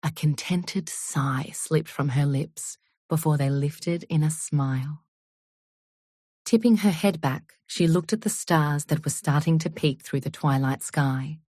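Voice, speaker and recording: A woman reading an audiobook in a measured, unhurried storytelling manner. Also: low-pitched, a little mellow, dry recording, clean studio sound. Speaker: audiobook narrator. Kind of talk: scripted audiobook narration.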